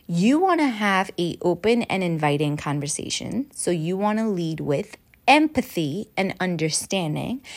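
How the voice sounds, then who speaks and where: A woman talking straight to her viewers and coaching them through advice tips, now and then acting out sample lines. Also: on the low side. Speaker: advice presenter. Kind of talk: direct-to-camera advice talk.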